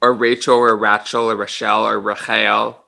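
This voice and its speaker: A man co-hosting a podcast in casual chat, tossing in quick jokes and banter. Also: lowish voice, level tone, vocal fry, sharp tone. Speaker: podcast co-host.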